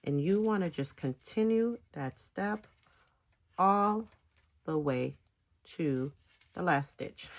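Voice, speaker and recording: A woman giving a casual step-by-step knitting tutorial, talking in halting phrases with pauses between them. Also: lowish voice, lively intonation. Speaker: knitting instructor.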